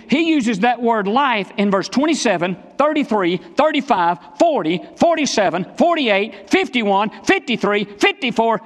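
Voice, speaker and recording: Male pastor, high voice, emphatic repetitive sermon delivery, long church reverb. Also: fairly bright tone. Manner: emphatic, repetitive preaching, swinging between low and high. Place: church sanctuary.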